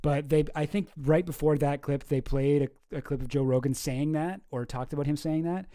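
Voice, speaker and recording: A man's voice: fairly high pitch, fairly even intonation, moderate pace, mellow. A man talks casually as he reacts to clips. He is chatty and self-deprecating, laughing easily. His close microphone gives a dry sound with no room echo. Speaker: streamer host.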